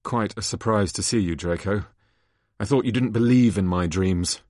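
A man's voice: lowish voice, normal speed, a little mellow, no echo, clean studio sound, natural voice. A man voicing a wry adult wizard father in an amateur play-script reading.

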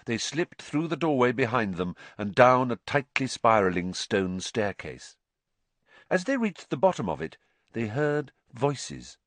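Expressive male audiobook narrator. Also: on the low side, a little slow, dry recording. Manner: expressive, varied reading. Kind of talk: scripted storybook narration.

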